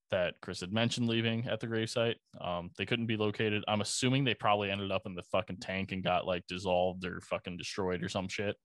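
A man's voice: low-pitched, a bit bright, no room sound. A man hosting a podcast, casually narrating a case with frequent swearing and dry sarcasm. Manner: conversational, sprinkled with profanity and dry sarcasm. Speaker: podcast host. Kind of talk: casual true-crime narration.

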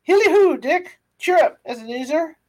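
A woman's voice: high-pitched, normal speed, a little mellow. A woman voicing a jolly, hearty old male merchant, calling out with exuberance. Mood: exuberant. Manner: exuberant calls.

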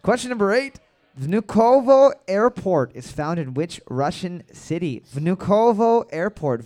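A man's voice: a little high, a little mellow. A man hosting a casual trivia game, reading questions aloud and joking between them. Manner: joking, playful, reads questions aloud with bits. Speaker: trivia quiz host.

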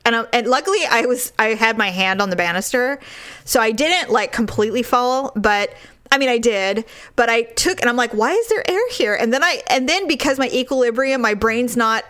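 Bright, animated woman telling a story. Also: fairly quick. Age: 40s. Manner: animated, laughs often, acts out quoted lines in a high voice. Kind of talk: casual storytelling chat.

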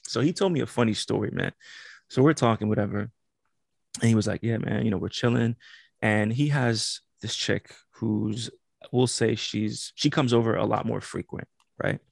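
Gravelly man telling a story with laughs. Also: fairly low pitch, moderate pace, no echo, clean studio sound. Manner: animated storyteller who acts out quotes, laughs often. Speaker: podcast co-host. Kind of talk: casual storytelling chat.

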